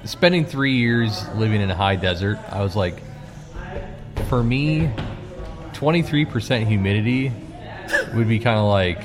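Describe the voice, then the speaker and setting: A man co-hosting a sports podcast, talking in a rambling, halting way with many restarts. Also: on the low side, long reverb tail, over music. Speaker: podcast co-host. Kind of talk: casual sports chat.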